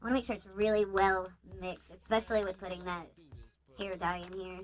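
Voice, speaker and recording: A woman's voice: mid-range voice, fairly even intonation, brisk. A woman vlogging casually at home, rambling and chatty with lots of asides and fillers. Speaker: beauty vlogger. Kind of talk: casual chatty DIY vlog.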